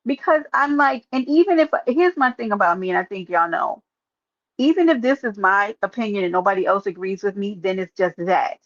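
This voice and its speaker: A woman live streamer, sharing her opinion in casual, animated talk and calling out viewers in chat by name. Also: medium pitch, fairly quick, no echo, lo-fi sound.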